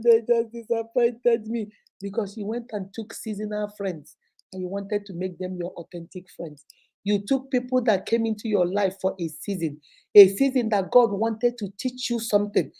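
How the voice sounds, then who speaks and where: A middle-aged Nigerian woman hosting a live show, giving an animated motivational talk with a husky voice. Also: mid-range voice, moderate pace. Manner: animated, preachy, with mimicked voices. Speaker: host.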